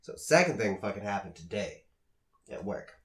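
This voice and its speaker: A man's voice: on the low side, normal speed. A young man co-hosting a podcast, telling work stories in casual chat and acting out the quotes with a lot of swearing. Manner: animated storyteller, acts out quotes, profane. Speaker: podcast co-host. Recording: echoey room.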